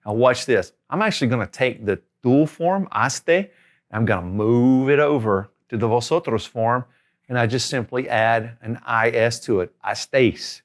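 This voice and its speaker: A man in the middle of a Spanish lesson, speaking at an ordinary mid pitch. He sounds upbeat and encouraging and talks straight to the learner as he walks through a chart. His steady teaching flow keeps it friendly and clear. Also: normal speed. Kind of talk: lively classroom lesson.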